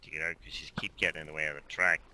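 A man's voice: rumbling low, flat delivery, very fast, sharp tone, a little hiss or hum. A man chatting casually while gaming with friends, giving direct instructions and calling out what to do. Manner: direct, guiding the others. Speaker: gamer playing with friends.

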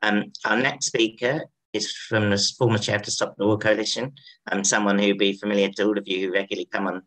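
A man chairing a panel in a relaxed way, reading out audience questions and introducing speakers. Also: lowish voice, fast, low-quality recording. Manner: relaxed, reads out audience questions, some fillers.

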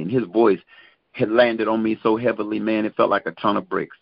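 Low gravelly man giving testimony. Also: steady tone, no echo. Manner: slow, measured storytelling with many pauses. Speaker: guest minister. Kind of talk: personal religious testimony. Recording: dull, muffled lo-fi sound.

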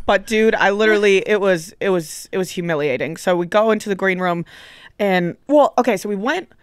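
A young woman co-hosting a podcast, telling a story in casual chat, animated and swearing freely as she acts out her own reactions. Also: medium pitch, moderate pace, smooth, no echo, studio quality. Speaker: podcast co-host.

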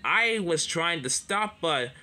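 A man's voice: fairly high pitch, lively intonation, slow pace, sharp tone, pitched above the performer's own voice, heavily acted. A man voicing a defensive male engine protesting his innocence.

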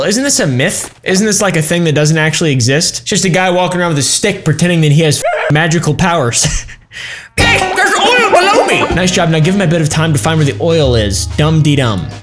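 A man's voice: fairly high pitch, a bit bright. A young man giving casual, crude, joking commentary while playing a game, swearing often. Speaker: gaming YouTuber. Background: game music.

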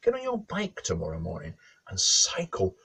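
A man voicing a shrewd, caring village wife who speaks briskly and coaxingly. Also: deep voice, wildly swooping pitch, pushed and bright, slightly rough, exaggerated voice. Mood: encouraging.

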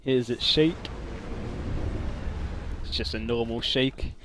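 A man giving casual commentary on a game mod, excitable and gushing, with frequent exclamations. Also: mid-range voice, slow pace, background noise. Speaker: gaming commentator.

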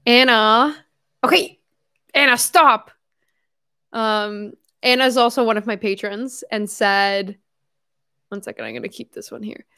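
A young woman with a fairly high voice hosts a relaxed livestream from home. She reads viewer messages aloud in a chatty, effusive way, breaking in with quick asides and correcting herself as she goes. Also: clear, resonant tone. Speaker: livestream host. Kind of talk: casual livestream chat reading viewer messages.

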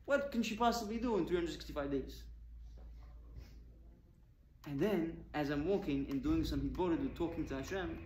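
A man's voice: fairly high pitch, normal speed, pauses often, a little mellow, a little hiss or hum. A male rabbi giving a Torah talk, firing rhetorical questions at his audience with emphasis. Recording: echoey room with faint ambience.

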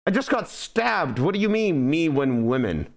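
A man's voice: fairly high pitch, sing-song, moderate pace, gravelly. A man giving live, nervous, rambling commentary while streaming a game.

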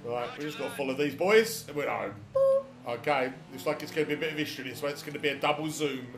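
A middle-aged British man narrates his video game play with a high, bright voice that swings widely in pitch. His tone has a gravelly edge, and he swears and laughs freely in a casual running commentary. He is recorded in an echoey room. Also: quick pace, soft background music. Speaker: gamer playing through a video game.

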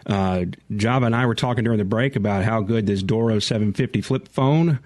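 A man hosting a call-in tech radio show, relaxed and joking as he takes callers. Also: on the low side, a little fast, no room sound. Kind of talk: casual call-in radio talk.

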